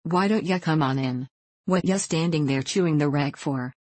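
A woman reading aloud, voicing a gruff old male rancher with a folksy drawl. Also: deep voice, normal speed, darkish tone, no room sound. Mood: hollering.

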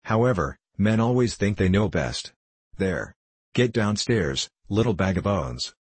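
A man's voice: lowish voice, big pitch swings, measured pace, a little mellow, breathy edge, no room sound, exaggerated voice. A man doing a pettish, sniping undertaker's wife. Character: sharp, petty, shrewish small woman.

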